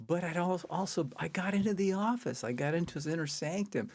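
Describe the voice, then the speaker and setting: A man's voice: high voice, animated, a little fast, creaky, a little mellow. An older man, a podcast guest, telling a long anecdote in casual chat, chuckling as he goes and acting out other people's lines in a raised voice. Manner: chuckles through his anecdote; acts out quoted people in a raised voice. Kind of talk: casual storytelling.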